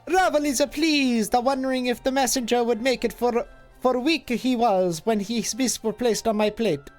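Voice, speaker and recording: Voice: mid-range voice, faint music behind, pitched above the performer's own voice, close to an everyday voice. A streamer voicing an ancient female hag, cryptic and possessive, with archaic twisted phrasing and a drifting put-on foreign lilt. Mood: gloating. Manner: archaic twisted word order, hissing and drawn-out.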